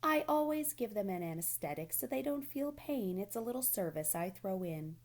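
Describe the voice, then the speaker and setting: A woman voicing a calm, wise female spider with a sweet, musical and brisk way of talking. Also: mid-range voice, voice pushed up.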